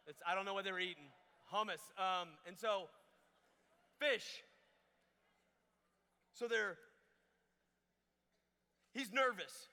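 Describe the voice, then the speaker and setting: A man speaks to a youth camp, telling a story with casual, joking asides. His voice is bright and crisp, and it rings through the long reverb of a large hall. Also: high voice.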